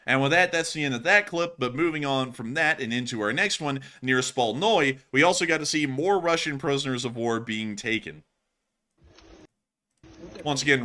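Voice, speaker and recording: Bright-voiced male war news host. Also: medium pitch. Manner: chatty, joking asides. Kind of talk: casual news commentary.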